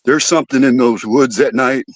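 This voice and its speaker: A man voicing a spooked partygoer who won't go into the woods at night, speaking low and serious. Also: moderate pace, no room sound, lightly acted.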